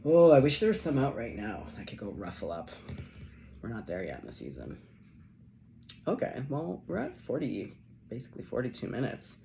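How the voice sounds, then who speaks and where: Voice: mid-range voice, wildly swooping pitch, moderate pace, vocal fry, dark tone, a little hiss or hum. A tarot reader giving a casual channeled reading, effusive and loose, swearing freely and laughing often.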